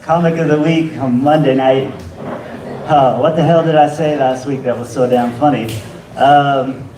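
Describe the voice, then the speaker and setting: A man doing an open mic stand-up set in a rambling, halting way with deadpan asides. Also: medium pitch, noisy background. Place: bar comedy room. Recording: echoey room, distant mic.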